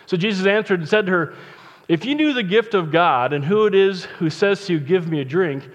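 Joking pastor preaching in a reverberant hall. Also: male voice, high-pitched, expressive, a little fast. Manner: chatty, joking asides, conversational. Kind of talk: casual sermon with Bible reading. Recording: long reverb, dull lo-fi sound.

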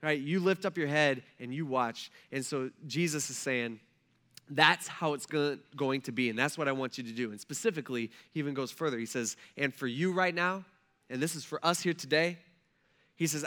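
A man preaching a sermon in a casual, animated way, swinging between soft asides and loud emphasis, often checking in with "right?". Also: mid-range voice, a little fast. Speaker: pastor.

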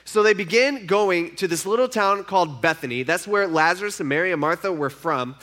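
Male preacher, bright, slightly high voice, chatty sermon that acts out the scenes. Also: a little fast. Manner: lively, chatty, acts out characters' lines. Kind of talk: casual retelling of a Bible story.

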